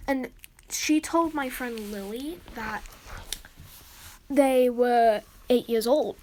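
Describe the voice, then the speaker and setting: High-voiced woman in a rambling, excitable telling. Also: slight background noise. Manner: rambling, excitable telling that swings between hushed asides and indignant outbursts. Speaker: storyteller recounting an online game incident. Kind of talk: casual spoken storytelling to camera.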